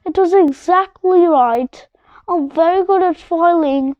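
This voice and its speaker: A woman voicing a grumpy, filing-obsessed male monster in a storybook reading, with a slow growl. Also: extremely high pitch, no room sound, muffled recording. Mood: smug.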